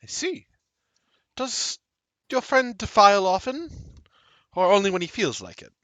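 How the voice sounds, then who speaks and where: A man's voice: high-pitched, big pitch swings, a little slow, fairly bright tone, no room sound, voice pushed up, full character voice. A man voicing a playful, teasing woman who is a spirit trapped for a thousand years. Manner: giggly, lightly teasing.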